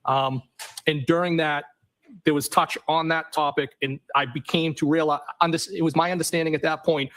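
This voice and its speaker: A man on the witness stand, reading text messages aloud in a matter-of-fact way and saying the punctuation marks out loud. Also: on the high side, fairly even intonation, moderate pace, low-quality recording. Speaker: trial witness.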